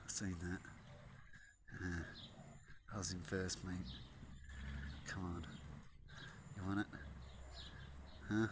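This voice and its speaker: A man's voice: low voice, level tone, takes it slowly, long pauses, noisy background. A man vlogging outdoors in a backyard in a casual, jokey way, chatting to camera and to the birds. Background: birds chirping.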